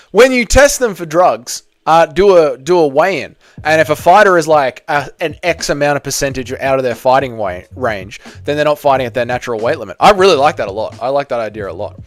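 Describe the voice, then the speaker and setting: An Australian man with a slightly high voice and big pitch swings hosts a livestream at a moderate pace, casually reading viewer comments aloud and teasing the chatters as he answers. There is no echo.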